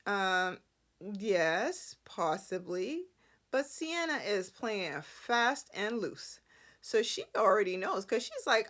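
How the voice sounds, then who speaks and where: Woman, soap recap host, slow unhurried delivery, opinionated, rambling asides. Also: medium pitch, lively intonation, a bit bright. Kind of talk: casual recap chat.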